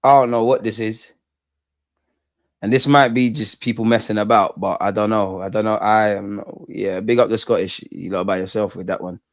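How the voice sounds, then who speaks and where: A young man hosting a live football watch-along, reacting loudly and bantering at the players. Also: fairly low pitch, moderate pace. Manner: excitable, shouts at goals, banters at players. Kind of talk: live match reaction commentary.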